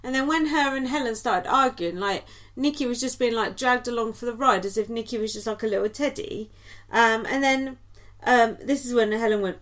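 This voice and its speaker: A woman's voice: fairly high pitch, lively intonation, normal speed, a bit bright. A woman co-hosting a podcast, recapping in a casual, chatty way with lots of ums and likes and giggly asides. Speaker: podcast co-host.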